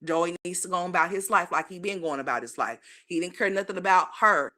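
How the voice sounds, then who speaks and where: Woman, blunt profane commentary, lower pitch, rambling. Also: a little fast, pushed and bright. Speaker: commentary channel host. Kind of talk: casual opinion commentary.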